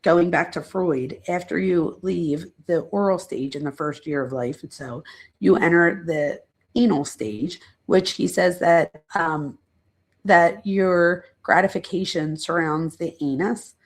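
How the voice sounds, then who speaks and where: A woman's voice: lowish voice, measured pace. A middle-aged woman hosting a livestream, lecturing casually and chatting with viewers in rambling, self-deprecating asides. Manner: addresses chat viewers directly. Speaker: psychologist and true crime channel host.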